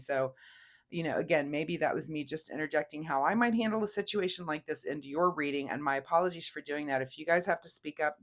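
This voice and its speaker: A woman giving a casual weekly tarot reading, gentle and rambling with many fillers. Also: fairly low pitch. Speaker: tarot reader.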